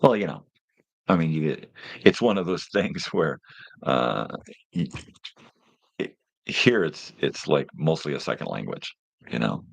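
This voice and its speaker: A man's voice: rumbling low, animated, a little slow, gravelly, pauses often, breathy edge, dry recording. A middle-aged man hosting a live stream, chatting casually with viewers in a rambling, laid-back way full of slang.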